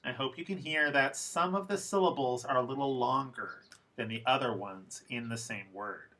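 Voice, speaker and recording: A young man teaching a recorded English lesson, speaking slowly and deliberately and repeating the example words. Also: mid-range voice, sharp tone.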